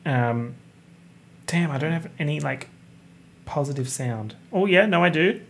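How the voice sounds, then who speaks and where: A man's voice: on the high side, lively intonation, unhurried, gravelly, a little hiss or hum. A man hosting a solo podcast, chatty and opinionated, swearing freely. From Italian heritage. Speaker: podcast host. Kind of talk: casual solo podcast chat.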